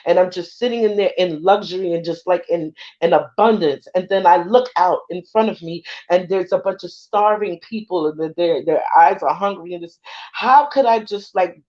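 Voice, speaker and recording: A woman's voice: fairly low pitch, moderate pace, darkish tone, highs cut off. A woman spiritual card reader in casual livestream talk, emotional and earnest, often checking that listeners follow her. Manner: emotional and earnest, keeps asking if you follow.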